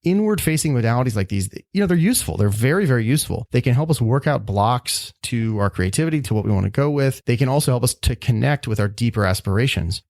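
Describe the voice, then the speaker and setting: A man's voice: medium pitch, vocal fry, darkish tone, dry recording, studio quality. A man hosting a solo podcast, talking in a thoughtful, earnest, self-reflective way. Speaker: podcast host.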